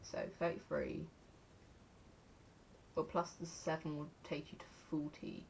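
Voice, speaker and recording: A woman's voice: sits low, level tone, unhurried, gravelly, slight background noise. A young English woman chatting casually to camera in a rambling, self-mocking way, counting aloud as she goes. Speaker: vlogger.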